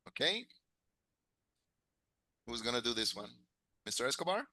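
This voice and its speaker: A man's voice: medium pitch, sing-song, normal speed, bright, forceful tone, no echo. A man teaching an English class, encouraging his students, drilling phrases and chuckling often.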